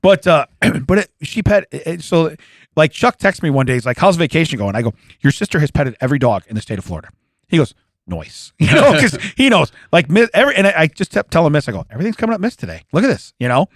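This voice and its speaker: A man's voice: fairly high pitch, big pitch swings, quick pace, dry recording, clean studio sound. A man in his forties, a podcast co-host, telling stories in casual chat, laughing often and acting out the quotes.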